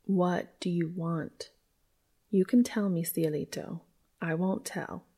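A woman voicing a confident, teasing woman in a story reading, speaking slow and hushed. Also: fairly low pitch, steady tone, breathy edge, heavily acted. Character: confident adult woman, teasing dominant lover.

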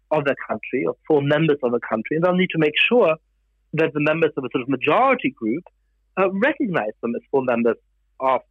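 A man's voice: a little high, breathy edge, no echo. Man answering over a muffled dry line. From Germany. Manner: thoughtful, measured, with fillers. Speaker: guest. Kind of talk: conversational interview answers.

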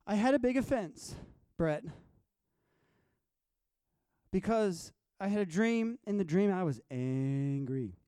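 High-voiced man telling vivid visions. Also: slow pace, long pauses, clear, resonant tone, no room sound, clean studio sound. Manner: animated, swinging from hushed to loud. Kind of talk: storytelling about dreams and visions.

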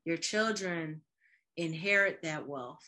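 A woman in casual podcast chat, animated, laughing often and acting out quoted voices. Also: deep voice, takes it slowly. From Midwest.

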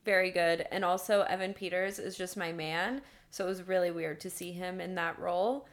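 A woman's voice: fairly low pitch, fairly even intonation, normal speed. Young woman, co-host, casual podcast chat, chatty, many "likes". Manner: chatty, says "like" a lot.

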